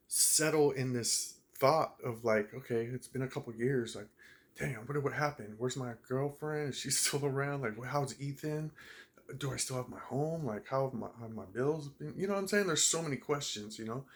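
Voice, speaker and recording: A young man tells a personal story straight to the camera, rambling a little and laughing now and then. His voice sits in a middle register, and his speech is loose and full of fillers. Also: medium pitch. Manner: rambling, laughs while telling, many fillers. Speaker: vlogger.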